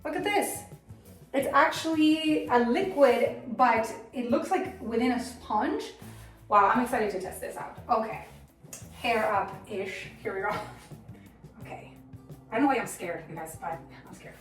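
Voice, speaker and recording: Woman vlogger, chatty and self-mocking, fairly high voice, echoey off-mic sound. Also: unhurried, recorded from a distance. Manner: chatty, excitable, self-deprecating. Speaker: beauty vlogger. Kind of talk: casual product review. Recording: roomy echo, off-mic, faint music.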